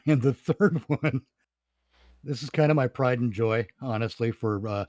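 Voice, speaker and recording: A man's voice: medium pitch, a little slow, a little mellow, no echo, studio quality. A man casually chatting on a podcast, rambling and laughing at his own jokes. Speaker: podcast host and comedy writer. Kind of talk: casual chat.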